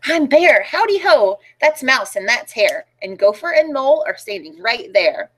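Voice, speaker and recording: A woman's voice: high-pitched, sing-song, moderate pace, a little hiss or hum. A woman voicing a friendly big male bear in a children's storybook, with a welcoming, eager way of talking. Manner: welcoming, pleading questions.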